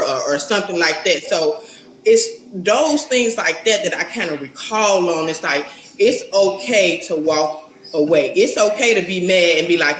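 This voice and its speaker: A woman's voice: fairly low pitch, normal speed. Reflective mother in an echoey room. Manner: reflective, rambling with many fillers. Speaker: mother of a young son, guest. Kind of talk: casual interview talk.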